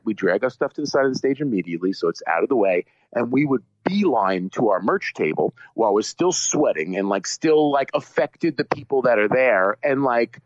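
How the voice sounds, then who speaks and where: Rambling animated musician telling stories. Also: male voice, medium pitch, dry recording, muffled recording. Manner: animated, rambling, self-deprecating humor. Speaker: musician guest. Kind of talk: casual interview storytelling.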